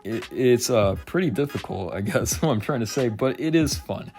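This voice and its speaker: A man's voice: medium pitch, animated, normal speed, darkish tone, faint music behind. A young man telling work stories in a casual vlog, rambling and swearing, not sober, laughing often. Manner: rambling, profane, laughing, slightly slurred. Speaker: vlogger. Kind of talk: casual storytelling rant.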